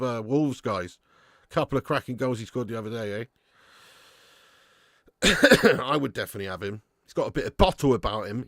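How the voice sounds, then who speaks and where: A young man hosts a live football watch-along, reading chat messages aloud and commentating casually. He swears and shouts at the players, then drops back into low mutters. The recording is dry, with clean studio sound.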